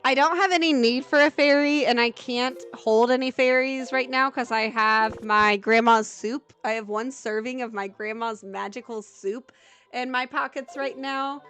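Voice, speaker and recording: A woman streamer chatting casually while she plays a game. She bursts into excited squeals, then drops to a flat, deadpan voice. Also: moderate pace, faint music behind. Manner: excitable, jumps into high-pitched exclamations, then goes flat and deadpan. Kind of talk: casual live gameplay commentary.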